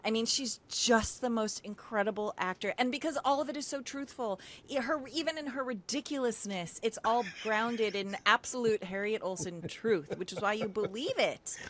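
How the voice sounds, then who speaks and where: A woman co-hosting a podcast in casual chat, enthusiastic, with quick asides and playful quoted reactions. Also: on the high side, a bit bright. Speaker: podcast co-host.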